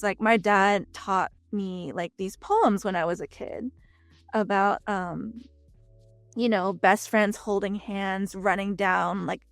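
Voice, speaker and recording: A young woman from Texas chats as a guest in an interview, chatty and full of fillers. Her voice sits at a middle pitch and sounds dry and close. Soft music plays faintly behind her. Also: no echo. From Texas, United States. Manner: chatty, frequent fillers and lively quoted asides. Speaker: voice actress guest. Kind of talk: casual interview chat.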